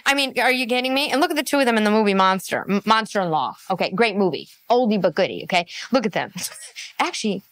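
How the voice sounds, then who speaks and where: A woman giving casual, sarcastic gossip commentary, laughing often and talking in an animated way. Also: mid-range voice, quick pace, no echo.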